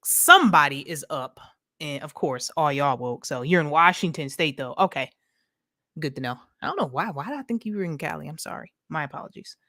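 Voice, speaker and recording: Woman, low voice, dry close sound, casual live stream chat, greets viewers by name, slangy and upbeat. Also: lively intonation, fairly quick, pushed and bright, dry recording. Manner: chatty, greets viewers by name, laughs often.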